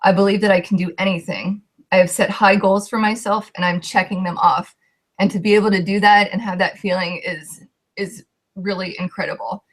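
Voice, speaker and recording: A woman's voice: mid-range voice, fairly even intonation, brisk. A young woman, a coach, telling her personal story with heartfelt emotion and a voice that shakes at times.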